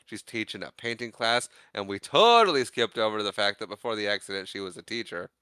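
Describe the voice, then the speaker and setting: A man's voice: fairly low pitch, lively intonation, fairly quick, bright, forceful tone, clear, resonant tone, no echo. A man co-hosting a podcast, casually recapping a movie scene by scene and acting out the characters' lines in exaggerated voices. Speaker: podcast co-host.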